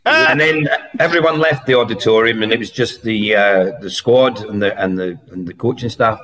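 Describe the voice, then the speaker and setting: Lowish-voiced man telling lively anecdotes. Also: moderate pace, few pauses. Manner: lively, laughs through his stories. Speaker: podcast guest, former footballer. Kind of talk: anecdotal storytelling.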